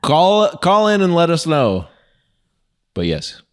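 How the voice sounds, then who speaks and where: A man's voice: fairly high pitch, huge pitch swings, slow pace, smooth. A man co-hosting a podcast in casual chat, easygoing and agreeable. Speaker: podcast co-host.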